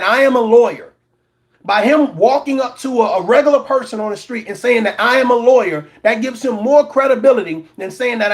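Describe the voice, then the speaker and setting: The host of a reaction commentary channel, a man whose voice sits high, preaches at his audience. He drives points home by repeating words and mocks others in put-on voices.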